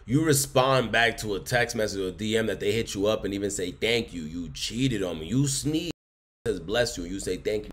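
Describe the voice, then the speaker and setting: A man hosting a reaction channel, giving blunt, emphatic opinions. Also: fairly low pitch. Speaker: commentary channel host. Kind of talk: reaction commentary.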